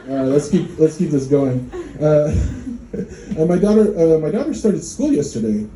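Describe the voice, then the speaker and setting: Deadpan man from Poland doing stand-up. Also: a little high, takes it slowly, pauses often, noisy background. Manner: deadpan, dark humor, jumps into mocking voices. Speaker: stand-up comedian. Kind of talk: stand-up comedy set. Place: comedy club before a live audience. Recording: echoey room with crowd laughter.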